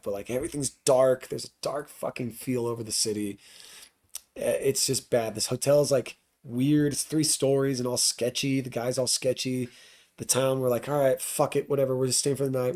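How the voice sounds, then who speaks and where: On a podcast, a guest who plays in a touring band spins a casual tour story, rambling loosely, swearing, and leaning heavily on "like." He speaks with a medium-pitched, darkish voice.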